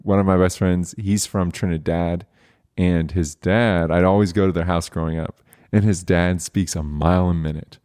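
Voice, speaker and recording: A male podcast host in casual conversation, with a low voice and a mellow, dark tone. He talks in a relaxed, chatty way and laughs easily. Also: moderate pace.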